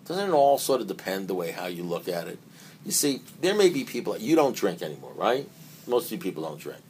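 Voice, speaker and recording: Older man, low voice, recovery-meeting speaker, loose conversational delivery with repeated words and emphatic swings, faint hiss behind.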